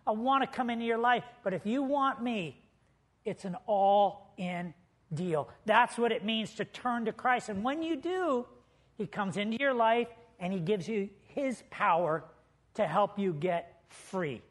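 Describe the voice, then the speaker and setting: High-voiced, lively storytelling male pastor. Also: moderate pace. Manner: lively storytelling preacher with humor. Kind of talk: sermon.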